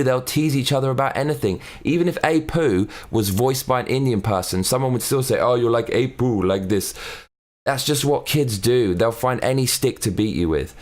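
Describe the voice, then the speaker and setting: A man hosting an opinionated commentary show, blunt and sweary as he rants. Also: mid-range voice. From England. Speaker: host.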